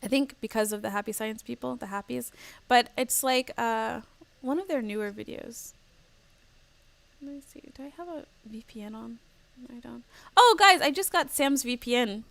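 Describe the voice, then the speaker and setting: Young US woman hosting a casual livestream, chatty with lots of laughs, slightly high voice, dry close sound. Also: moderate pace, creaky, a bit bright, no echo. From United States. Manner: chatty, laughing, acts out angry quotes. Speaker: livestream host.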